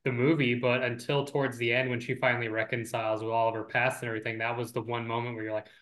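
A man's voice: mid-range voice, level tone, fast, a bit bright, low-quality recording. A man co-hosting a movie podcast, giving candid, emphatic opinions in a casual chat. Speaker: podcast co-host.

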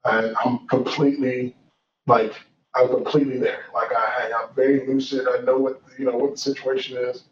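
A man's voice: medium pitch, little pitch movement, moderate pace. Earnest young man telling his story, roomy. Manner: earnest, reflective, with many fillers and restarts. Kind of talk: personal storytelling. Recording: roomy, distant, dull sound with faint noise.

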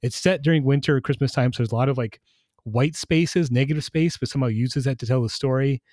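A male podcast co-host who talks at length in a relaxed, enthusiastic way, with a few ums along the way. His pitch is mid-range, and the sound is dry and close to the mic. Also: fairly quick, no room sound. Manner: enthusiastic, steady explainer with fillers. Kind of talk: casual chat, reviewing comics.

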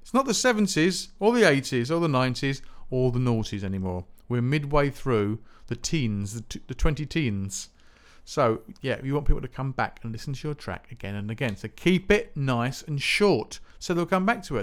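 A man's voice: mid-range voice, big pitch swings, a little fast, hardly any pauses. A man hosting a music podcast, talking in a rambling, chatty, self-mocking way with lots of restarts. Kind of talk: casual solo podcast chat.

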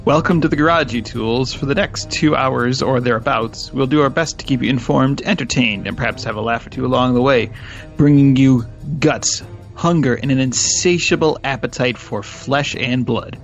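A man's voice: mid-range voice, normal speed, highs cut off, soft background music. A man co-hosting a podcast, giving a breezy, upbeat welcome and chatting. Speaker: podcast co-host. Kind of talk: podcast intro and chat.

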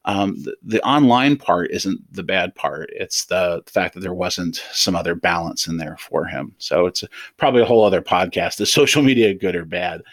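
A deep-voiced man gives measured, thoughtful interview answers as an expert guest. He often pauses on ums and restarts his sentences. The recording is dry and close. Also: dry recording. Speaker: threat assessment expert guest.

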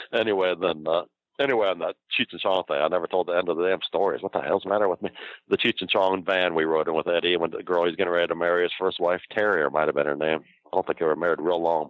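A low-voiced older man rattles off rambling, profane wrestling stories at a fast clip, often breaking into laughter. The recording is dull and lo-fi, with a dry, close sound and almost no room. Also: fairly even intonation, no echo. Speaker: guest recounting wrestling career. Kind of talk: casual storytelling.

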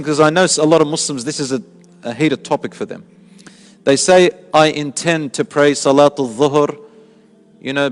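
A man's voice: medium pitch, long reverb tail. A man giving a religious talk, explaining step by step with rhetorical questions he answers himself. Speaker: Islamic preacher. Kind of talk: sermon.

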